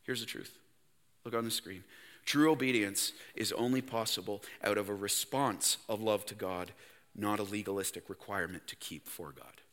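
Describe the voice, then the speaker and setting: A male pastor with a Canadian accent preaching a sermon in a church, emphatic and swinging from loud to hushed. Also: lowish voice, moderate pace, in a large hall. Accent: Canadian English. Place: church sanctuary.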